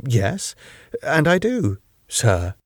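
A man's voice: mid-range voice, very animated, drawn-out words, no room sound, studio quality, pitched above the performer's own voice, exaggerated voice. A man voicing an earnest young woman police inspector who sounds urgent and defensive. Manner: urgent, pleading, flustered.

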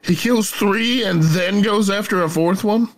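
A man's voice: high voice, unhurried, no room sound. A man throwing in crude quips and wisecracks during casual podcast banter.

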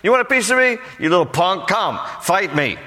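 A man's voice: fairly high pitch, lively intonation, normal speed, pushed and bright, big-room sound, voice pushed up. A man voicing a taunting brutish giant warrior, jeering and mocking in a raised, strained voice.

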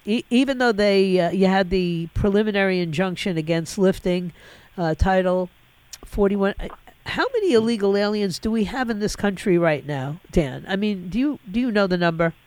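A woman's voice: medium pitch, darkish tone, no echo. Indignant talk radio host woman. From Florida. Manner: emphatic, indignant, halting with fillers.

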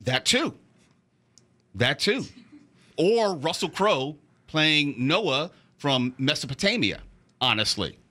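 A man's voice: a little high, big pitch swings, takes it slowly, pauses often, sharp tone. A man co-hosting on talk radio, arguing and pressing his point in studio discussion. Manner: argumentative, makes a point and presses it. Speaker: radio show co-host.

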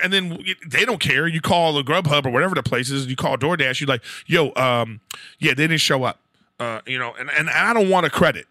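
Animated ranting man, bright dry voice. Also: on the high side, a little fast, no echo. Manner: profane, animated, acts out quoted voices. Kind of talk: casual storytelling rant.

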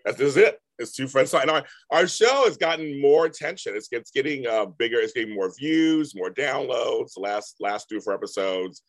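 A man co-hosting a casual chat podcast, emotional and animated, often repeating himself. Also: mid-range voice. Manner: animated, emotional, quick repetitions. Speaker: podcast co-host.

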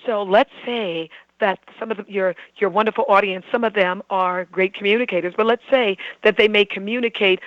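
High-voiced man, emphatic, persuasive, dull lo-fi audio. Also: fairly even intonation, a little fast, hardly any pauses, no room sound. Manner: emphatic, persuasive, acts out examples. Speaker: guest speaker, communication trainer. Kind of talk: animated interview talk.

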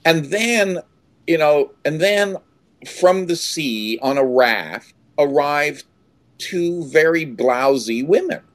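An older man telling a story as an interview guest, full of halting restarts and loud acted outbursts. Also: on the high side, expressive, dry recording.

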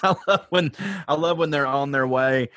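A man co-hosting a podcast, reacting to a TV episode with quick asides and frequent laughter. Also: a little high, a bit bright, dry recording, clean studio sound. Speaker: podcast co-host. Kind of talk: casual chat recapping a TV episode.

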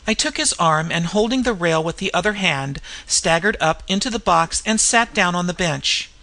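Gravelly bright voice reading an old mystery tale, steady storyteller pace. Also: medium pitch. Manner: measured storytelling with character voices. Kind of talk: audiobook narration.

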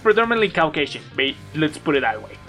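A man's voice: on the high side, very animated, fast, sharp tone, soft background music. A man, co-hosting a casual comics podcast and finishing his partner's sentences. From Mexico. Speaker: podcast co-host. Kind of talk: casual chat.

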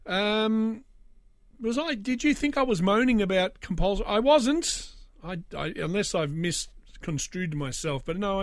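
A man hosting a casual solo podcast, rambling with jokey sardonic asides, his voice still slightly raspy after being ill. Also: a little high, no room sound. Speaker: podcast host.

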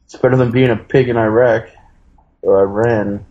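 A man's voice: medium pitch, fairly even intonation, normal speed, highs cut off. A man co-hosting a casual comedy podcast, brash and swearing a lot.

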